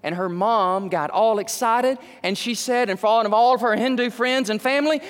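A man with a high voice preaches a storytelling sermon, building from calm narration into excited, emphatic peaks. His voice rings out in the long reverb of a large hall. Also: normal speed, hardly any pauses.

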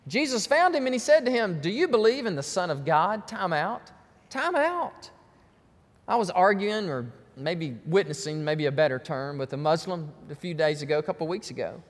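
A pastor preaching a fervent sermon, repeating himself and rising to shouts. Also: male voice, on the high side, expressive, moderate pace. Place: church sanctuary. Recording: long reverb of a church hall.

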